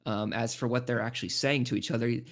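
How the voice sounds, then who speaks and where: A man narrating as game master of a tabletop role-playing game, halting and rambling with many restarts. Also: mid-range voice, steady tone.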